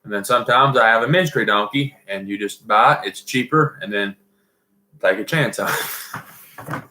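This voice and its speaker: A man's voice: on the low side, moderate pace. A man with a Southern accent co-hosting a live stream, telling folksy stories and laughing a lot. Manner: animated, laughs often, folksy. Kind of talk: casual chat and storytelling. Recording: roomy echo.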